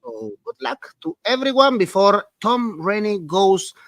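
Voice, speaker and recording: Chatty, playful male host, Spanish native, high bright voice, dry close recording. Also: animated, no room sound. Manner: chatty, playful, slightly halting English. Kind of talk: casual sports betting chat.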